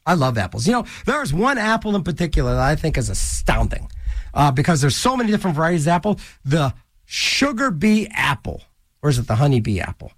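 Radio DJ, man, high lively voice, jokey and rambling, dry close studio mic. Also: a little fast, no room sound. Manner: goofy, rambling, jokey asides. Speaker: college radio DJ. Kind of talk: casual radio DJ patter.

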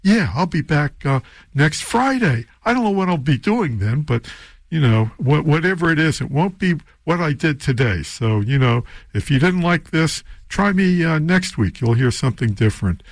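Man, radio DJ, husky voice, rambling, hesitant, dry close mic. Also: fairly high pitch, big pitch swings, moderate pace, dry recording. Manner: rambling, unsure, self-deprecating asides. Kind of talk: casual radio show talk.

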